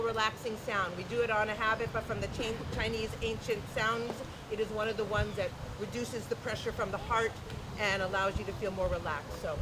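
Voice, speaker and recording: A woman's voice: a little high, background noise. A woman teaching a flamenco dance class, energetically counting beats aloud and mixing in Spanish counts. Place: dance class, community TV broadcast.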